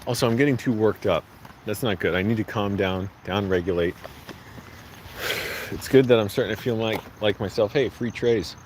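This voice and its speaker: A lowish-voiced man strolls outdoor streets, rambling to the camera at a moderate pace with a slightly mellow tone. Traffic and street noise come through clearly in this low-quality, handheld walking vlog.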